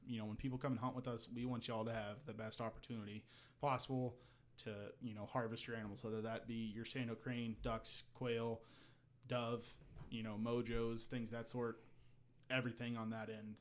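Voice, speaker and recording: A man's voice: mid-range voice, level tone, moderate pace, slight background noise. A man from Texas with a Texan accent, co-hosting a casual outdoors podcast and explaining things at length. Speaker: podcast co-host.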